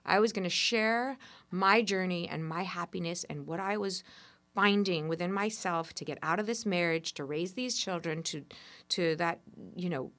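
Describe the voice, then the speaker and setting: A woman guest in an interview, telling personal stories in an animated, expressive way. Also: lowish voice, normal speed. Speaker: entrepreneur guest.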